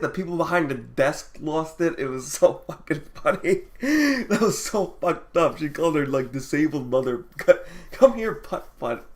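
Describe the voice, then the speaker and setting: Rambling, laughing male vlogger. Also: medium pitch. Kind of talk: casual storytelling.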